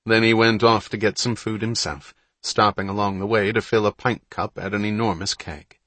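A man reading a novel aloud as a measured, even audiobook narrator. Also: on the low side, no echo. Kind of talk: scripted narration.

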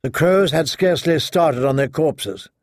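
A man narrating a fantasy audiobook in a measured, steady storytelling manner. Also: a little high, dry recording, studio quality.

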